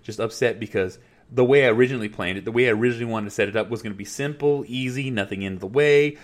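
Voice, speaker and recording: Talking fast in a mid-range voice, this middle-aged podcast host vents in a rambling, profanity-laced monologue. He's at home, speaking into a headset mic plugged into a laptop, and his frustration comes through clearly.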